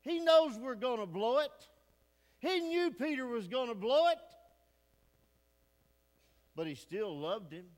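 A man preaching a folksy, emphatic sermon in a church sanctuary, often asking the congregation questions. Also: very high-pitched. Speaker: pastor. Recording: long hall reverb.

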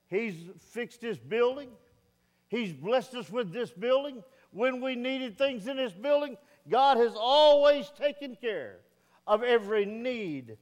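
Middle-aged pastor guy preaching slow, folksy, big ringing church reverb. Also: very high voice, lively intonation, a little mellow. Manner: folksy preacher, swelling emphatic peaks. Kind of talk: sermon. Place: church sanctuary. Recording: long reverb of a church hall.

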